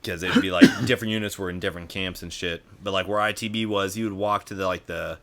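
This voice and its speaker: A man's voice: deep voice, fast talker, a bit bright. A young man telling stories in casual chat, rambling and swearing a lot, with many fillers. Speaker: podcast guest.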